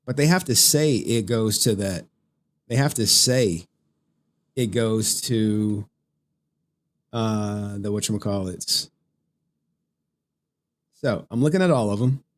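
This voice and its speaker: A man's voice: fairly low pitch, slow, pauses often. A man hosting a live stream, ranting casually with lots of swearing and laughter while he reads chat messages. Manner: profane, laughing, rambling, reads super chats. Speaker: streamer host.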